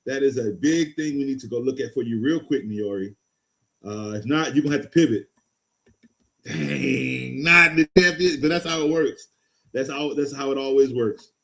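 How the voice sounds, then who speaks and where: A man hosting a live fantasy football stream, excitable and rambling, going from loud hype to low mutters. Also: normal speed, gravelly. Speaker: fantasy football show host. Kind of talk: casual live-stream talk.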